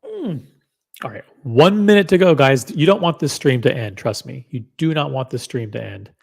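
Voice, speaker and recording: A man's voice: mid-range voice, sing-song, moderate pace, vocal fry, breathy edge. A man hosting a casual livestream, talking straight to viewers in an upbeat way. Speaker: livestream host.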